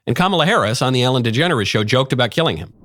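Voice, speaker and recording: A man's voice: mid-range voice, animated, racing, fairly bright tone, a little hiss or hum. A man delivering sarcastic political commentary, firing off rhetorical questions. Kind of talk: opinion commentary.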